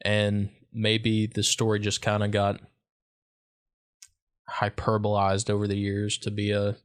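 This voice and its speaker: A man co-hosting a casual podcast chat about local legends, telling stories in a relaxed, joking way. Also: fairly low pitch, measured pace, clear, resonant tone. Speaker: podcast co-host.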